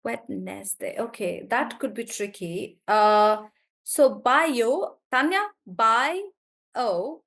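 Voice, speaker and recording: Young woman teacher, a little high, encouraging, checks words aloud on a video call. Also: slow, gravelly, a bit bright. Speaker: online English teacher. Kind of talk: live online class, coaching students on syllables.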